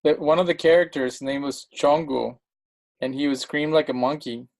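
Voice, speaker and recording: A man's voice: on the high side, fairly even intonation, normal speed, vocal fry, darkish tone. A man speaking as a guest in a casual discussion, telling stories in an impassioned, emphatic way.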